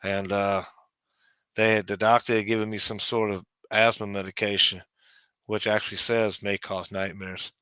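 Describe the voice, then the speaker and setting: A man's voice: fairly low pitch, level tone, moderate pace, sharp tone, clear, resonant tone, no room sound. A man in casual chat, rambling with lots of "you know" and restarts.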